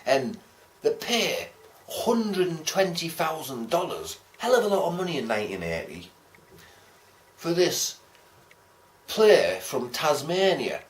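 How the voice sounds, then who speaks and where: A man's voice: a little high, very animated, slow pace, long pauses. A man giving a casual, rambling film review, chatty and swearing casually as he talks. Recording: roomy echo.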